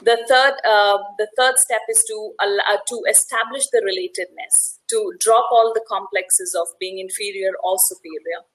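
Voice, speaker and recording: This woman's mid-range voice holds a steady tone and fairly bright quality, moving at a moderate pace with hardly any pauses, though the audio is poor. She runs a networking workshop conversationally, telling stories, briefly imitating the people in them, and often checking in with "right?".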